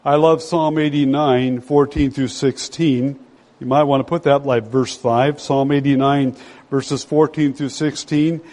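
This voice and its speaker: A man's voice: mid-range voice, fairly even intonation, a little slow, a little mellow, big-room sound. A man preaching a sermon, stressing words and asking the congregation rhetorical questions. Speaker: pastor.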